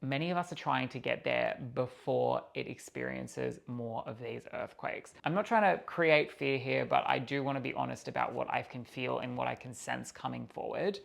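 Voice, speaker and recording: A man's voice: medium pitch, moderate pace, gravelly, hardly any pauses. A man, a psychic, talking to camera in an earnest, chatty, spiritual way. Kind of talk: casual talk to camera.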